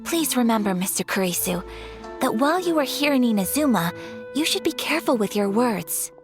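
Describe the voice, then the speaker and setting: A poised young noblewoman in a video game. She speaks in a formal, measured and courteous way, her voice a little high. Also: lively intonation, over music. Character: poised noblewoman, eldest daughter of a clan.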